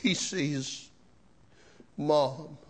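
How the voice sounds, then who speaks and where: A man preaching a sermon as pastor, slow and emotional, with rising shouted cries and repeated words. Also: fairly high pitch. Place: church sanctuary.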